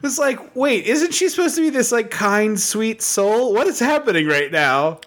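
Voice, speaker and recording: A man co-hosting a podcast, chatting casually about a movie in an animated, joking way. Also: very high-pitched. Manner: animated, jokey, quick asides. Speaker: podcast co-host.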